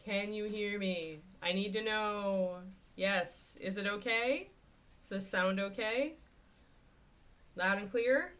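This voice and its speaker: A woman's voice: medium pitch, slow pace, fairly bright tone. A woman livestreaming from home, chatting casually and rambling with a laugh while talking into a desk microphone. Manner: chatty, rambling, self-amused. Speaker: livestreamer painting miniatures. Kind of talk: casual live-stream chat. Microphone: desk USB microphone at face level.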